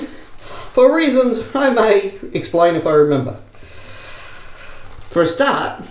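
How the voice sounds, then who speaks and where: A man's voice: high-pitched, darkish tone, echoey room, low-quality recording. A man hosting a casual shaving demonstration, rambling with jokey self-mocking asides. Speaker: shaving video host.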